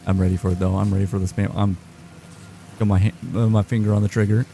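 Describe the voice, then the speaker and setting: A man streaming a game live, chatting casually in a rambling, halting way. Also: lowish voice, little pitch movement, creaky, dark tone, a little hiss or hum. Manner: rambling, halting, with many restarts and fillers.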